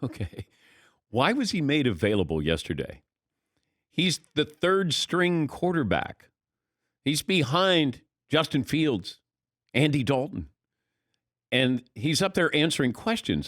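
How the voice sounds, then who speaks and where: A man's voice: mid-range voice, measured pace, long pauses, no echo, studio quality. A man hosting a sports radio show, talking casually and wryly about football and calling on his co-hosts by name. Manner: wry, animated, calls on co-hosts. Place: radio studio. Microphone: studio microphone.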